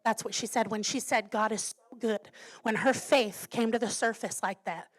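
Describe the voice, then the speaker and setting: A woman's voice: fairly high pitch, moderate pace. A woman pastor in her thirties preaching a sermon, telling a personal story earnestly and building to emphatic declarations.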